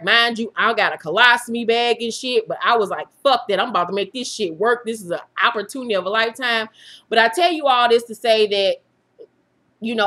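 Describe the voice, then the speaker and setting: Bright-voiced woman telling her story. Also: medium pitch. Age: 30s. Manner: frank and profane, laughs through the hard parts. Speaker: YouTube show host. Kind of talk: candid personal storytelling to viewers.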